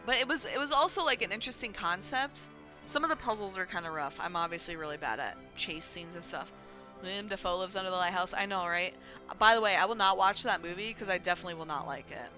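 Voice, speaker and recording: A woman streamer chats casually from home. She laughs often and coos at her cat between remarks. Her voice is bright and crisp, with soft music playing faintly under her. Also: mid-range voice, fast talker, highs cut off. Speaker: Twitch streamer. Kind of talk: casual live-stream chat. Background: faint music from a playlist.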